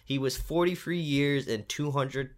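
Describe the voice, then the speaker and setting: A man's voice: mid-range voice, fairly even intonation, measured pace. A man giving a rambling weather and trivia segment on a casual sports podcast, filling his talk with "like" and repeats. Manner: rambling, repeats himself with many "like"s.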